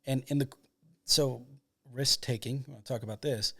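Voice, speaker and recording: A man's voice: medium pitch, steady tone, unhurried, vocal fry, fairly bright tone, slightly rough. A man from Michigan, a documentary filmmaker, tells a long anecdote as a podcast guest in a rambling way full of fillers. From Michigan, United States. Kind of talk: casual storytelling.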